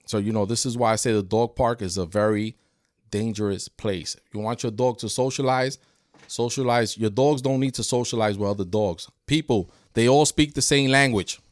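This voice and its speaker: A man working as a dog trainer, chatting on a podcast and telling lively stories that act out dogs and people. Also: fairly low pitch, normal speed, dry recording, studio quality. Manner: animated storyteller, acts out dogs and people. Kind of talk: casual podcast chat.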